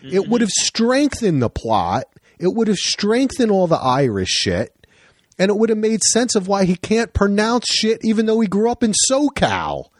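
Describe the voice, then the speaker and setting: A man hosting a podcast, chatting casually with friends in an animated, profane, rambling way. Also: sits high, normal speed, no room sound. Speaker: podcast host.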